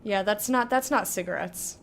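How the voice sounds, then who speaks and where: With a mid-range voice at a moderate pace, a young woman chats through her first playthrough of a game in casual let's-play style. She keeps restarting sentences and making fun of herself, and a bit of hiss or hum can be heard.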